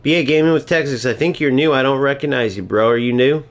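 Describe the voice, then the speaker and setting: A man with a mid-range voice talks fast while live-streaming a football video game, giving casual commentary. He's chatty and laid-back, often checking in with "right?" and "bro."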